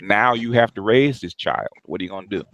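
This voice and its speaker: Middle-aged male host, lowish voice, abrasive and direct, lots of restarts; slight background hiss. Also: expressive, fairly quick, a bit bright, rough recording. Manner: blunt, no-nonsense, repeats words and restarts often. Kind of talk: blunt casual chat.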